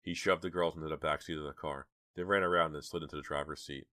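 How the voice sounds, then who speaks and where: A man narrating an audiobook with measured, dramatic storytelling. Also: very deep voice, fairly even intonation, bright, forceful tone, no echo, studio quality. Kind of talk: audiobook reading.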